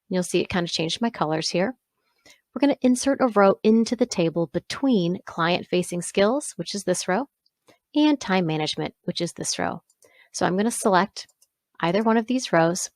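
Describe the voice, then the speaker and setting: A woman instructor talking through a software exercise step by step, pausing to correct herself along the way. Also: on the low side, no echo. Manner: step-by-step, self-correcting with small asides. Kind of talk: screen-recorded software walkthrough.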